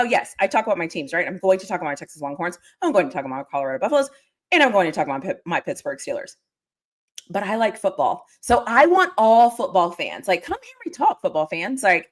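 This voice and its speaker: A woman hosting a casual football livestream, chatty and playful, laughing often and repeating her phrases. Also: mid-range voice. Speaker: host. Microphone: desk or portable mic.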